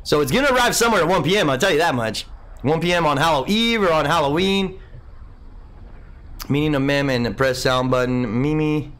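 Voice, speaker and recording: A man's voice: on the high side, fairly quick, a bit bright. A young man hosting a live game stream, casually rambling as he reads and answers viewer comments. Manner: laid-back, rambling, says "man" a lot. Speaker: livestream host.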